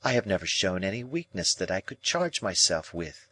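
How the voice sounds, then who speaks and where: A man reading an audiobook, voicing a proud, cool young woman who speaks in measured, cutting reasoning. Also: sits low, sing-song, bright, forceful tone, slightly rough, full character voice.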